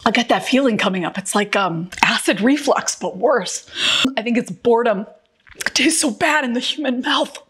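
A woman in a comedy sketch playing an upbeat, scatterbrained worker who is quickly distracted, talking in a chirpy, scattered way. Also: fairly high pitch, fairly bright tone, slightly rough. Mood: forced-cheery.

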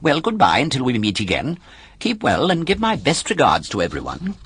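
A man's voice: medium pitch, huge pitch swings, moderate pace, fairly bright tone, husky, pitched above the performer's own voice, full character voice. A man voicing a small, courteous chick in a storybook reading, speaking with chirpy politeness. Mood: polite.

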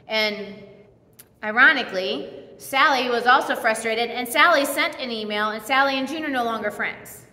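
A woman in her thirties giving a conversational sermon, telling personal stories with lively quoted asides. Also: a little high. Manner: chatty storytelling with acted quotes. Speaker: church speaker. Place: church hall. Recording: roomy hall reverb.

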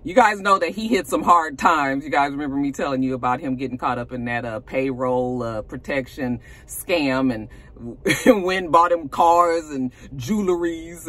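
A woman's voice: extremely low pitch, fairly bright tone. A woman casually recapping a reality TV episode, chatty and sassy, with "you know" asides and laughs as she talks.

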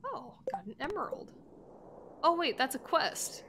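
Her voice sits high and sing-song, slightly slow, with vocal fry and heavy background noise. A gaming streamer, she chats playfully and rambles with many giggles over game music while playing.

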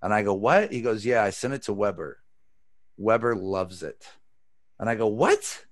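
A man lecturing on magic over a video call, telling stories in a casual, animated way and swearing freely. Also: on the low side, moderate pace.

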